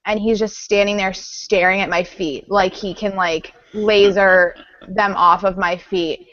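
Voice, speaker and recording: A woman's voice: mid-range voice, fairly even intonation, measured pace, fairly bright tone, no echo. Woman co-host, blunt, profane, dry humor, dead-dry lo-fi audio. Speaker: panel co-host. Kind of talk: casual chat. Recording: dry dull lo-fi stream audio.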